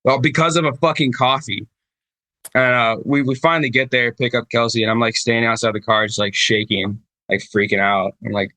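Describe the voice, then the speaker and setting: A man's voice: medium pitch, steady tone, a little fast, sharp tone, no echo. A man in casual chat, telling rambling stories with lots of swearing and fillers. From Michigan, United States. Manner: rambling storyteller, heavy swearing, many fillers. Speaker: podcast guest, band vocalist.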